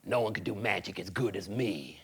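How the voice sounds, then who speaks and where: A male storyteller voicing a nasty, sly hairy monster with a low, menacing drawl. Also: fairly quick, breathy edge.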